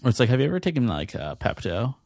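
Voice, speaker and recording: A man's voice: mid-range voice, very animated, fast, gravelly, darkish tone, dry recording. A man guesting on a podcast, rambling and joking in casual chat with lots of filler words.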